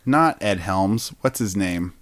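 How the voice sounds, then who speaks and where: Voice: low voice, lively intonation, takes it slowly. A podcast host riffing playfully through silly word associations in casual comedic banter.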